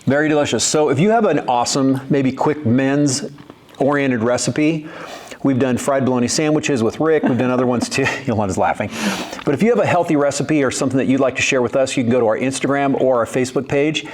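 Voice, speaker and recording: A man's voice: medium pitch, brisk, darkish tone. A man hosting a show with his wife, joking playfully while they make a recipe and talk about books. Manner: joking, playful, talks with his mouth full. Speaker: host. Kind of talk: casual cooking and book chat.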